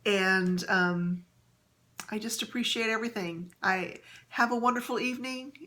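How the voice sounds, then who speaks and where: A woman vlogging casually, chatting gently with many fillers and soft laughs as she shows items and tells a story. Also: medium pitch, unhurried. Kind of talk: casual haul and story vlog.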